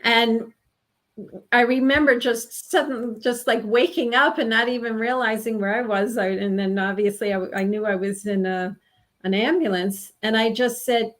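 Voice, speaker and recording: A woman in her sixties from New York, telling a personal story in an interview, earnest and halting with frequent restarts. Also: on the high side, fairly bright tone. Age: 60s. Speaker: guest telling her experience.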